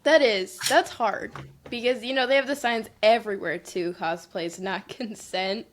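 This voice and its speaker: Woman host, higher pitch, laughs easily, casual. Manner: laughs often, quick supportive backchannel. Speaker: podcast host. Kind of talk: casual interview chat.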